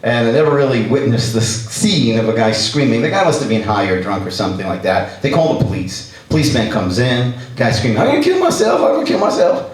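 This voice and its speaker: A man's voice: mid-range voice, a little fast, hardly any pauses. A man from Canada, a rabbi giving a humorous lecture who acts out the characters in his stories. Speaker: rabbi, speaker. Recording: echoey hall, distant mic.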